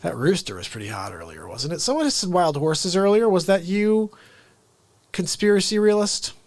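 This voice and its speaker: A man's voice: sits high, very animated, moderate pace, darkish tone. A man hosting a casual comedy livestream, playful and rambling as he chats. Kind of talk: casual live-stream chat.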